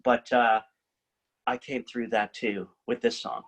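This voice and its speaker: A man telling his own story casually to an audience, animated and joking at his own expense. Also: mid-range voice, measured pace, rough recording. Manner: animated, joking, self-mocking. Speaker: singer-songwriter and cancer survivor speaker.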